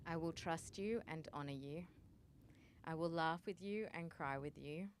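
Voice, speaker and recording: A woman reading her wedding vows as the bride, softly, holding back tears. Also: low-pitched, unhurried, a little hiss or hum. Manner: soft, fighting tears.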